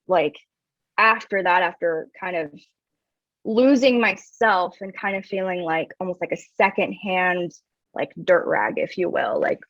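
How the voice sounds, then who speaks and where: A wellness coach appears as a guest in an interview, candidly telling her personal story in a lowish, unhurried voice. She's earnest and reflective and says "like" a lot. The recording is dry and slightly dull.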